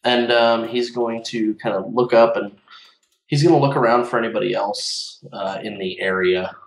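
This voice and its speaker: A man with a lowish voice plays in a tabletop role-playing game. He describes his character's actions in a relaxed way, with plenty of fillers. The sound is roomy and echoey. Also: normal speed, vocal fry, distant mic. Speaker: player. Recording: echoey room.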